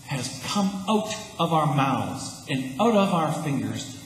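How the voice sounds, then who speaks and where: A man's voice: a little high, slight background noise. Earnest man preaching in an echoey church. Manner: earnest, emphatic, conversational preaching. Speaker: pastor. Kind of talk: sermon. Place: church sanctuary. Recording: echoey church hall, faint ambience.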